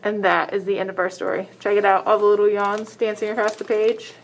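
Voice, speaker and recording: A woman librarian reading a picture book aloud to children, dramatic in the exciting parts and stopping to ask the listeners questions. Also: medium pitch, fairly quick, slight background noise. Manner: expressive, dramatic exclamations, asks children questions.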